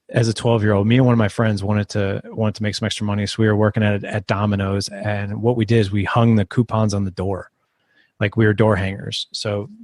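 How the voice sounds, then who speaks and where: A man on a podcast as a guest, telling a personal story in an earnest, halting way with many restarts. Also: fairly low pitch, a little mellow, no room sound.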